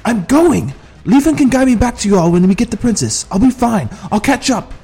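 Guy playing a determined young man calling out urgently, a notch higher, audiobook. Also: sing-song, fairly quick, warm tone, breathy edge, exaggerated voice. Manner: urgent raised voice.

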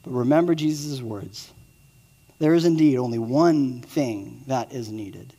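A man in his thirties giving a sermon as pastor, moving between lively storytelling and quiet, earnest appeals to the listeners. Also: medium pitch, unhurried, long reverb tail. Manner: swings from excited storytelling to hushed earnest appeals.

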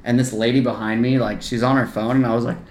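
A man's voice: medium pitch, flat delivery, quick pace. A young man co-hosting a podcast, telling stories in casual chat with sarcasm and swearing. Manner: sarcastic, loud mocking heckler voices in stories, swearing. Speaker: podcast co-host. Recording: roomy echo.

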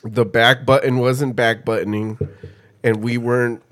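A man's voice: medium pitch, level tone, unhurried, fairly bright tone, slight background noise. Profane, stumbling podcast co-host man. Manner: profane, stumbling, exasperated ranting. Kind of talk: casual chat.

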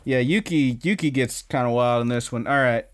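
A man co-hosting a casual podcast, retelling anime scenes with lively energy, jumping into squeaky character voices and cursing freely. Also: moderate pace. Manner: animated storytelling, jumps into squeaky high voices for characters, swears freely. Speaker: podcast co-host.

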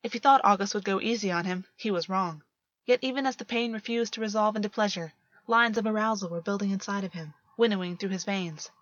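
Female audiobook narrator, measured delivery, dry lo-fi home recording. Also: medium pitch, fairly bright tone, dry recording. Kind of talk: audiobook reading of fan fiction. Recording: dull lo-fi, dry.

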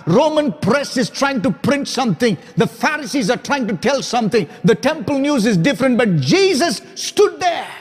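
A male pastor preaching a sermon, emphatic and repetitive, at times dropping his voice very low for quoted words. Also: husky. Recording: long hall reverb.

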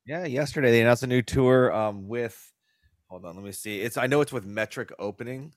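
A man's voice: mid-range voice, a little fast, dry recording, clean studio sound. A man co-hosting a podcast in casual chat, easygoing and teasing. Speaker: podcast co-host.

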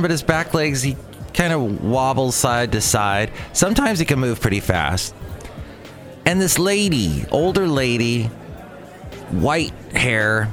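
A man's voice: medium pitch, a bit bright. Chatty exasperated male podcast host. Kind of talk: casual solo podcast monologue.

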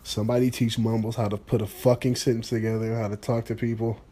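A man's voice: mid-range voice, level tone, fast, few pauses, dark tone, slight background noise. A man in his twenties ranting bluntly and profanely, sounding exasperated. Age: 20s. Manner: blunt, exasperated, swearing freely. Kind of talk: casual profane rant.

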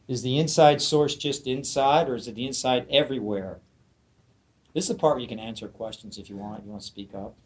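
A man's voice: medium pitch, darkish tone. A man telling a teaching story to a small group, asking them questions and acting out what his characters say. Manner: storytelling, asks the listeners questions, acts out quotes. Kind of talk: spoken dharma talk to a small group.

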